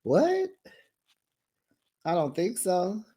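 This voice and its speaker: A woman hosting a casual reality TV recap, sassy and animated, talking straight to her viewers. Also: low-pitched, measured pace. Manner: sassy, animated, talks straight to viewers with slang like "child" and "honey".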